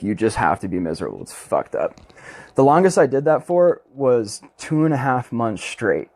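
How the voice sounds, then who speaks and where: A man's voice: lowish voice, a little mellow, dry recording, studio quality. A young man hosting his own podcast, ranting bluntly and passionately with constant swearing in a casual monologue. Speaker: podcast host.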